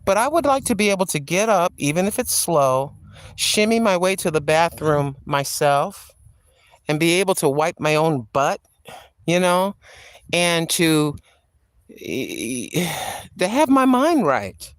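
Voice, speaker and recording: A woman's voice: lowish voice, big pitch swings, takes it slowly, no echo. An older woman hosting a vlog, chatting and joking outdoors in a riverside park. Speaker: vlog host. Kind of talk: casual chat on a walk.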